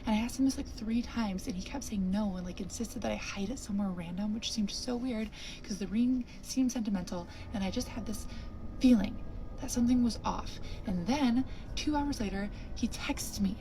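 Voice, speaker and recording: A woman's voice: medium pitch, moderate pace, slight background noise. Young woman animatedly retelling a scary night. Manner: breathless, animated retelling with many fillers. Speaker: camper telling her story. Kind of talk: casual vlog storytelling.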